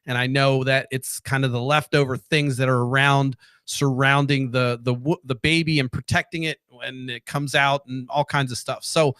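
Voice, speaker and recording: A man's voice: mid-range voice, level tone, normal speed, hardly any pauses, a bit bright, clean tone, dry recording. A man hosting his own political commentary show, ranting casually in a profane, rambling and sarcastic way. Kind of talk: casual solo rant to camera.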